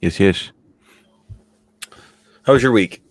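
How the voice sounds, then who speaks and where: A man's voice: on the low side, takes it slowly, no echo. A man co-hosting a casual podcast chat, jokey and chatty, laughing easily. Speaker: podcast co-host.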